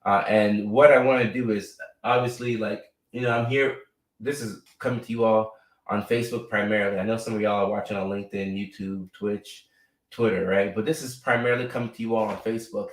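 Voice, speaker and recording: A man's voice: fairly low pitch, steady tone, a little fast, distant mic. A man hosting a live stream in a casual, chatty way, often tagging his points with "right?" and fillers. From United States. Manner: conversational, frequent "right?" and fillers. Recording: echoey room, a bit off-mic.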